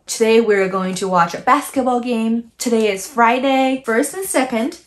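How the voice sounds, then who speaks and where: A woman with a Chinese accent teaching Mandarin tones in a casual lesson, explaining slowly and repeating syllables with exaggerated rises and falls. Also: on the high side.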